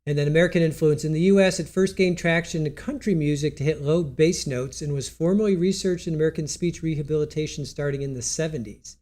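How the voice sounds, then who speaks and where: A man hosts a live stream in loose, rambling chat, with a stuffy nose. His voice sits fairly high but sounds dark and mellow, and he laughs easily while he stumbles through text he reads aloud. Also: quick pace, hardly any pauses.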